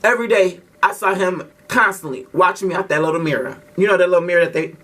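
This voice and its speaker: Talking fast in a high, sharp voice, a male vlogger spins a casual story for his audience, cursing, using slang and restarting a lot. The sound was picked up from a distance.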